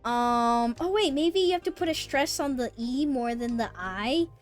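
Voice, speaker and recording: Bubbly woman streamer, higher voice, chatty and giggly with her viewers. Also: a little slow, faint music behind. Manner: bubbly, squeals with excitement, then mutters softly. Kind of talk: casual live-stream chat, reading chat aloud.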